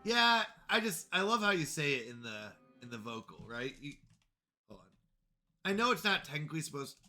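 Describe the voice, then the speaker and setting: Man, streamer, bright voice, somewhat high, faint music underneath. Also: very animated, normal speed. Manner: chatty, rambling, talks to chat. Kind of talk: casual live-stream game commentary. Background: faint background music.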